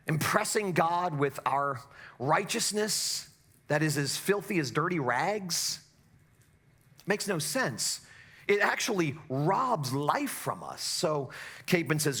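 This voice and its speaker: A middle-aged male pastor preaching a sermon in a church, swinging from quiet asides to loud, impassioned exhortation. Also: fairly high pitch, sing-song, takes it slowly, slightly rough.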